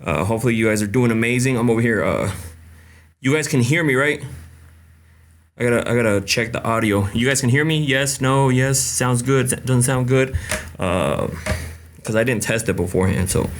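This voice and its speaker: A young man hosts a live Q&A stream in a loose, chatty way. He reads out viewer names, drops in quick Spanish hellos and leans on fillers between thoughts. His voice sits at an ordinary middle pitch for a man. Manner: greets viewers by name, many fillers, mixes in Spanish greetings. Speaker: livestream host. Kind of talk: casual livestream chat.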